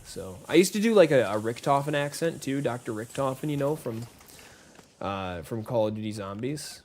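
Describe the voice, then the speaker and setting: A man's voice: medium pitch, animated, normal speed. Chatty male game streamer, rambling. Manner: rambling, chatty, greets viewers by name. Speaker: gaming streamer. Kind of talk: casual live-stream chat while playing.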